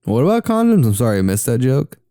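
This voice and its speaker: A young man with a Southern US accent, co-hosting a casual movie watch-along podcast, quick to agree and easily excited. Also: medium pitch, no room sound, clean studio sound. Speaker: podcast co-host.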